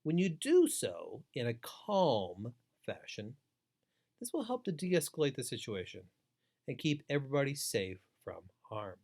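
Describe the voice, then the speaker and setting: A man lectures in a training webinar with an animated, wide-ranging voice. He is emphatic and instructive, repeating key phrases to drive them home. He sounds middle-aged and speaks as an experienced trainer. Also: medium pitch, a little slow, vocal fry. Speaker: foster care trainer.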